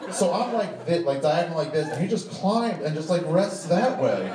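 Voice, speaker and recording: A man's voice: on the high side, normal speed, few pauses. Profane man telling a story live. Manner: profane, rambling, animated, laughing at own story. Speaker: stand-up storyteller. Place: live show venue with audience. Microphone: distant audience recording. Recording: echoey distant live room recording with noise.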